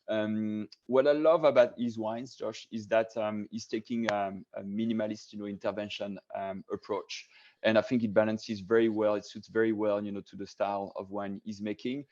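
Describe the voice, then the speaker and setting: Dull lo-fi video call audio carries a man's lowish, darkish voice as he hosts a casual wine tasting. His talk is hesitant, packed with fillers and false starts.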